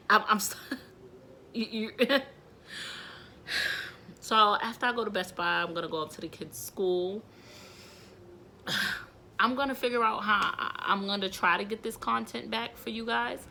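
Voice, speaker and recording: A young woman and mother talking to camera in a candid vlog, rambling and emotional, with hushed asides and loud outbursts. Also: medium pitch, a little slow, pauses often, slight background noise. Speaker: vlogger and mother.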